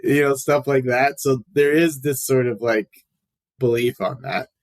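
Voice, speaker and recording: A man's voice: medium pitch, steady tone, unhurried, dry recording. A man hosting a podcast in casual chat, talking in a rambling way with lots of fillers. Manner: chatty, rambling, frequent fillers. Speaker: podcast host.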